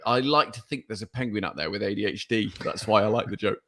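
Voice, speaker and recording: A man's voice: lowish voice, quick pace, a bit bright. A man with a Staffordshire English accent, co-hosting a podcast with dry, self-mocking humor. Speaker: podcast co-host. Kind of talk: casual banter.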